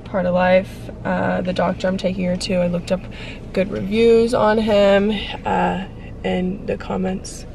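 A woman's voice: mid-range voice, level tone, unhurried, gravelly, slight background noise. A young woman in her twenties talking casually to her phone camera for a vlog, chatty and a little emotional. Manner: chatty and emotional, with soft teary asides. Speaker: vlogger. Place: in a car, then at home in bed.

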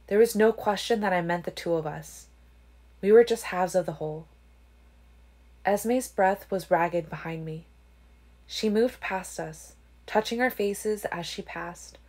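A woman reads a novel aloud as an audiobook narrator. Her delivery is calm and even, and her voice sits on the low side. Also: unhurried, pauses often. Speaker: audiobook reader.

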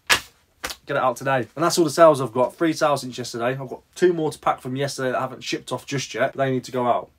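A man with a British accent chatting casually in a vlog about reselling, jokey and lively. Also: medium pitch, fast talker. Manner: chatty, jokey, lively bursts of sing-song. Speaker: reseller vlogger.

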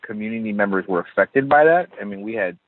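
Male artist guest, lively anecdotes with laughter, husky lowish voice, phone quality. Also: fast. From Southern California. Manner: animated, laughing storyteller. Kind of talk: casual interview chat. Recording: tinny phone-line audio.

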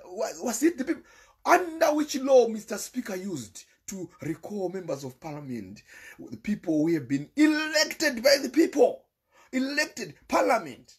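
High-voiced Zimbabwean man, husky and emphatic. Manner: emphatic and repetitive, mixing English with Shona. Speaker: political commentator. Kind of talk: impassioned political commentary.

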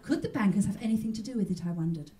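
A woman's voice: mid-range voice, expressive, racing, dark tone, far from the mic. A woman hosting a mock chat show in a stand-up character act, talking in a prim, genteel, rambling way.

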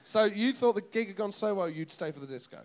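A male host teasing a guest with quick interjections on a live comedy show. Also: sits high, lively intonation. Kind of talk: comedy chat show banter. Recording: live audience laughter behind.

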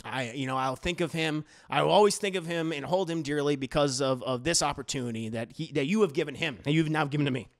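A man doing a cold, scheming young villain who sinks well below his usual pitch. The voice stays low and muttered, with a mock-polite edge. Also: fast talker, few pauses, natural voice. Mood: falsely grateful.

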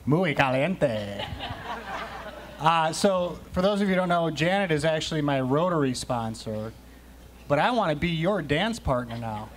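A man's voice: a little high, lively intonation, normal speed. A man judges a charity dance contest and keeps his remarks joking. Faint noise sits behind his voice.

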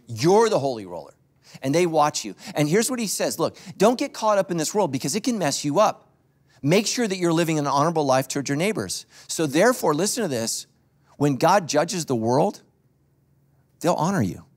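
A man preaching as a pastor to his congregation, telling funny stories in a loose conversational sermon that he speaks straight to the crowd. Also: on the high side. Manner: joking storyteller, talks straight to the congregation. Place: church stage before a congregation.

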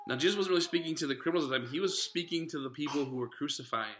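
A man's voice: a little high, rapid-fire, fairly bright tone, a little hiss or hum. A man preaching a sermon in an earnest, conversational way, talking straight to his listeners. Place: church sanctuary. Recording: echoey church room.

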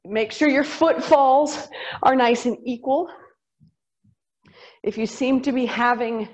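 Leading guided exercise, a middle-aged woman with a Southern US accent speaks slowly in a high, somewhat mellow voice over poor audio. The instructor stays bubbly and playful, with small sound effects and laughs.

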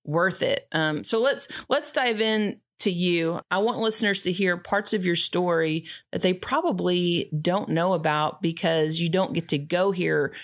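A woman's voice: fairly low pitch, a little slow, few pauses. A woman radio host interviewing a colleague, encouraging her to open up.

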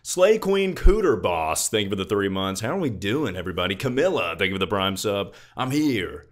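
A young man streaming from his room at home, loud and jokey, thanking viewers by name in casual chat. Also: on the low side, sing-song, normal speed.

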